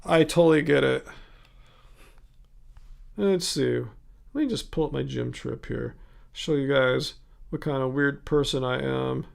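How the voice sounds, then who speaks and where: A man's voice: mid-range voice, measured pace, creaky, long pauses. A man in his fifties hosting a casual livestream. He chats in a rambling way, reads viewer comments aloud and thanks viewers by name. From California. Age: 50s. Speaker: livestream host.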